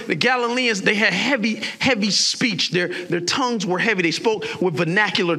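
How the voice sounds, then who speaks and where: A young man from South Florida preaches. His voice sits high and bright, with a gravelly, husky edge. He throws himself into the sermon and slips into voices for the people in his stories. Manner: animated preaching with voiced asides and impressions. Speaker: pastor.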